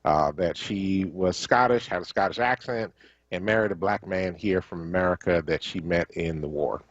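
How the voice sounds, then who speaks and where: A man hosting a talk radio show, chatting in a relaxed way with his co-host and thanking listeners. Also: sits low, moderate pace, no echo. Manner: relaxed, conversational, ends by signing off the show. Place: radio studio. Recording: dull lo-fi stream audio.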